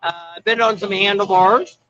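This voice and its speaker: A man's voice: high voice, steady tone, measured pace, bright, forceful tone. A man co-hosting a casual live stream from a busy street, rambling with lots of uh fillers as he films. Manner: rambling, filler-heavy with frequent uh. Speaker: vlog co-host filming the street. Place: busy street outdoors at a motorcycle rally. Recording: dull lo-fi livestream audio.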